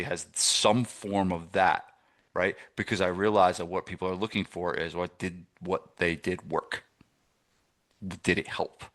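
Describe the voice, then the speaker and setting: A man's voice: deep voice, a bit bright. A middle-aged man from New Jersey coaching gym owners through a live masterclass, rambling and conversational with many fillers and restarts. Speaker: fitness business coach.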